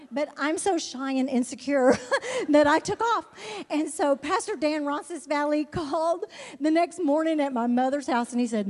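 A woman from Alabama telling a lively testimony as a missionary, laughing often and acting out the people she quotes. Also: high voice. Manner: animated, laughs often, acts out quoted voices. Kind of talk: storytelling testimony to an audience. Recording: long hall reverb.

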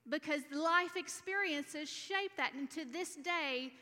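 A woman's voice: sits high, slow, bright, forceful tone. A woman from Alabama preaching a sermon, earnest and teaching point by point. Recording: reverberant church hall.

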